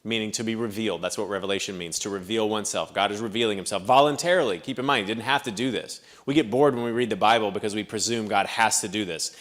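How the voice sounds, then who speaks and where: A man's voice: lowish voice, quick pace, few pauses. A man preaching a sermon in a church, teaching in a conversational way with frequent asides and thinking aloud. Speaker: pastor.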